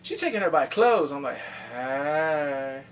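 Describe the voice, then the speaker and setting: Man, higher voice, very lively, casual recap, slightly distant mic, faint noise. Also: slow pace. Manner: animated, acts out reactions with whoops and exclamations. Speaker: drama reviewer.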